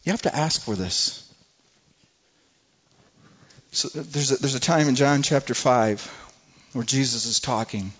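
A pastor preaches passionately to his congregation, moving from soft, low moments to loud, high pleas and often repeating words. His voice is husky, his pace moderate, and the recording lo-fi.

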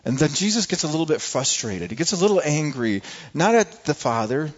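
A man's voice: fairly high pitch, big pitch swings, a little fast. A male pastor preaching a sermon in an earnest way, often repeating words as he searches for the next one. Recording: dull lo-fi recording.

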